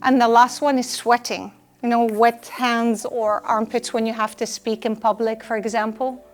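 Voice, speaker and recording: A woman's voice: a little high, flat delivery, moderate pace, faint music behind. A woman giving a live lecture to students, earnest and emphatic, driving home her points by repeating them. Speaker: lecturer on personal well-being.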